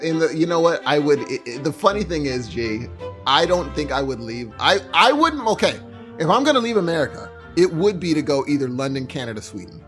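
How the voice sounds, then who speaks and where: A man's voice: a little high, big pitch swings, fairly quick, over music. A man co-hosting a podcast in casual chat, playful and teasing, laughing easily. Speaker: podcast co-host.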